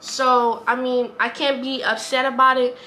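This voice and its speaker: A woman's voice: high voice, little pitch movement, unhurried, bright, forceful tone, a little hiss or hum. A woman, talking earnestly to camera in a rambling, repetitive way. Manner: earnest, rambling, repeats herself. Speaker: vlogger. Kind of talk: heartfelt casual talk to camera.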